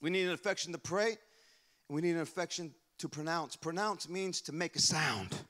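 Man, pastor, high-pitched voice, fervent sermon, chanting declarations, shouting, church. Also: moderate pace. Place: church sanctuary.

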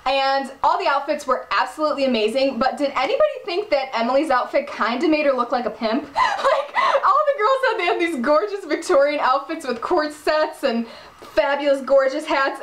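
A woman casually recapping a TV episode in an animated, emphatic, exasperated way. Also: high-pitched, roomy sound. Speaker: TV recap vlogger.

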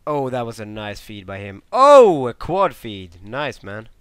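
Swearing, animated gamer man, dry close mic. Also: on the low side, a little slow, clean tone, dry recording. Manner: swearing, excitable outbursts, frustrated grumbling. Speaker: gameplay commentator. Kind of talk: casual live gameplay commentary.

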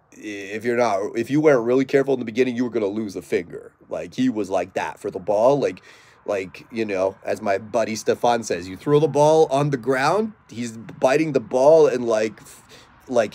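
In a live Q&A, a male dog trainer talks bluntly and casually, swearing freely and slipping into quick put-on voices to act out dogs and their owners. His voice is lowish and a little mellow.

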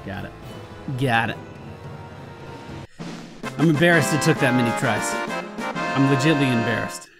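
A man's voice: medium pitch, unhurried, creaky, long pauses, music in the background. A man giving casual gameplay commentary on a let's play, swearing and exasperated, talking back at the game.

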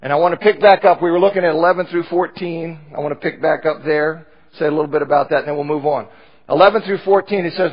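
Male Bible teacher, high-pitched, patient and explanatory, muffled lo-fi sound. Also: fast talker. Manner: explanatory, reads scripture aloud, frequent restarts. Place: church.

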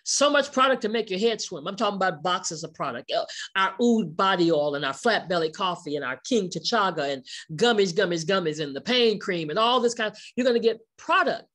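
A woman presenting her company in a sales pitch, speaking emphatically, asking many rhetorical questions and repeating key words for stress. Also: animated, a little fast, a bit bright.

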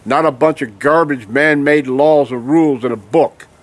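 A man's voice: on the high side, moderate pace, no room sound. An angry man delivering a ranting monologue to his viewers, full of emphatic rhetorical questions and tag "okay?"s. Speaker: video blogger.

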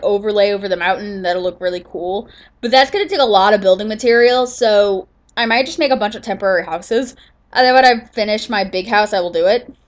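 Sleepy woman rambling over gameplay. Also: a little high. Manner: rambling, with many fillers and restarts. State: sleepy, yawning. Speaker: gaming channel host.

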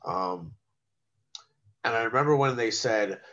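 A man in his forties from Canada talks through his working life in a relaxed, chatty way, animated and quick to act out other people's lines. His voice sits low. The recording sounds somewhat dull and lo-fi. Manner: animated storyteller who acts out the people he quotes. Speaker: guest, rapper and former chef. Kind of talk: casual podcast storytelling.

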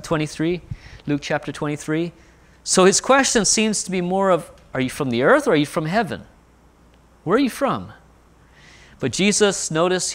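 A man with a fairly high voice preaches a sermon, working through scripture verse by verse. He asks rhetorical questions and leans hard into emphatic lines when he quotes. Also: fairly bright tone. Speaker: pastor.

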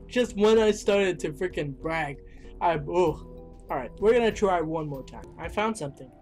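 A man's voice: high-pitched, unhurried, faint music behind. A man hosting a let's play, commenting on his gameplay and yelping at the action. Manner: excitable, shrieks and yelps at the game.

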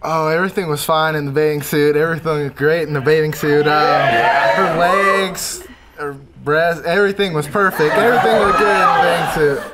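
A man on a talk show gives laid-back, slightly cocky answers about his date. His voice is a little high for a man, with loud background noise. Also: steady tone, a little fast. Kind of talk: casual answers.

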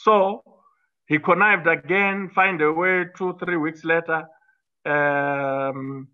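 A man's voice: on the high side, fairly even intonation, slow, highs cut off. A middle-aged man, a former minister arguing combatively in an interview, with frequent fillers and restarts. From Zimbabwe. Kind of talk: political interview talk.

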